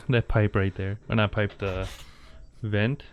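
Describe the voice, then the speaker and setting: Guy streaming a horror game, slow unhurried talk, goofy and jokey with chat. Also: fairly low pitch, fairly even intonation, a little hiss or hum. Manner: playful, joking with chat. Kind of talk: live gameplay commentary.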